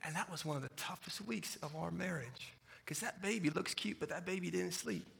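A man in his thirties tells a personal story to an audience. His voice is gravelly with plenty of fry, bright and fairly high. He acts out each piece of dialogue with animation. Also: brisk, slight background noise. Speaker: speaker sharing testimony.

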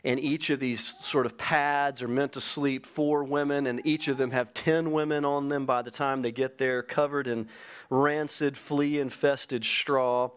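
A man's voice: mid-range voice, steady tone, unhurried, clear, resonant tone. A man preaching a sermon as pastor, earnest, reading an illustration aloud and stressing key phrases. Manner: reads an illustration aloud to the congregation.

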